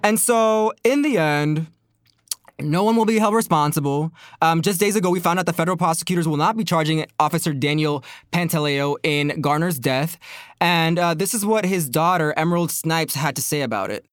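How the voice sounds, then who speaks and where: High-voiced man, profane heated commentary. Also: moderate pace, clear, resonant tone, no room sound, clean studio sound. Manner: profane, incredulous, mocking. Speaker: commentary host.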